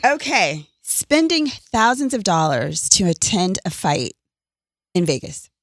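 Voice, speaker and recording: Lively-voiced woman hosting a podcast. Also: fairly low pitch, no echo, studio quality. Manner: brisk, asks the questions. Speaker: podcast host. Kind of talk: casual chat.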